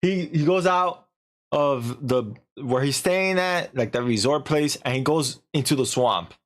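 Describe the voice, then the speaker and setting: A man's voice: a little high, unhurried. A man streaming, casually retelling a story in a rambling way and acting out the quotes. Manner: rambling, animated retelling full of acted-out quotes.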